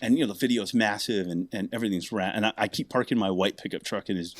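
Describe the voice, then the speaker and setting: A middle-aged man, a bassist and podcast guest, telling stories in a casual, animated way. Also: fast, no room sound. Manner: animated, acts out other people's lines. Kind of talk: casual storytelling.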